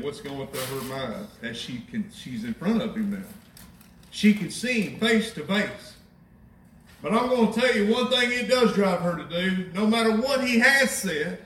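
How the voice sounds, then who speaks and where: A man preaching a sermon in a conversational, animated way, with wry asides to the congregation. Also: fairly high pitch, slight background noise. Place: church sanctuary. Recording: echoey church from a distance.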